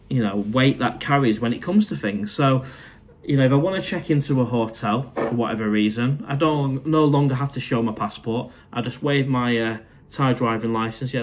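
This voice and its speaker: This middle-aged man from Manchester, England has a mid-range voice and a Mancunian accent. Streaming live from indoors at his condo, he chats casually, reading and replying to viewer comments and calling everyone mate in a friendly way.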